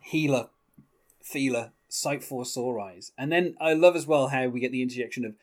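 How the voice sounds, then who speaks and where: A man in casual talk about a song, rambling with many fillers and reading lyrics in a soft, lowered voice. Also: normal speed. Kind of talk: casual music discussion.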